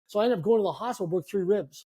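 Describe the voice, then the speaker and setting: A man in his fifties, a guest telling animated, self-deprecating stories in a conversation. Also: high voice, very fast, husky. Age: 50s. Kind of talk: storytelling in a conversation.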